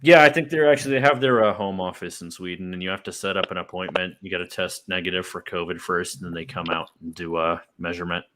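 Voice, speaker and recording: A man's voice: low voice, fast talker, few pauses, a bit bright. A young man telling stories in a rambling way, full of fillers and laughs, as a podcast host. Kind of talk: casual chat.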